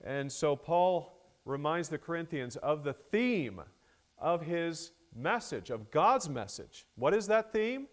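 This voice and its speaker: Slow, measured male preacher. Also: on the high side, expressive. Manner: slow, measured delivery with many fillers, rising emphasis on key words. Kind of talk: expository sermon.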